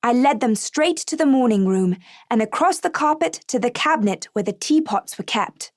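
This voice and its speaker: A woman reading an audiobook aloud in clear, even scripted narration. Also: on the high side, normal speed, no echo, clean studio sound.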